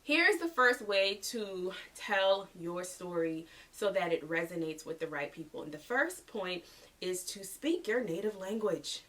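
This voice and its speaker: A woman's voice: mid-range voice, animated, measured pace, a bit bright, recorded from a distance. A woman in her thirties hosting a motivational podcast, talking casually and slangily to her listeners as y'all. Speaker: podcast host.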